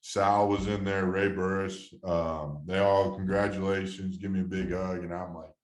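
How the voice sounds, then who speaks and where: A man's voice: deep voice, level tone, normal speed, roomy sound. A man in his thirties, a former ballplayer, telling a long story in a casual interview, rambling with fillers and restarts. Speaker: guest, former baseball catcher.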